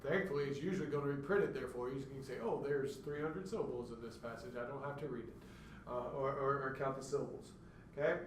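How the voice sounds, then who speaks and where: A man's voice: medium pitch, fast talker, background noise. A man giving a classroom lecture, explaining step by step and acting out stuttered words to demonstrate. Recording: echoey room, mic far off.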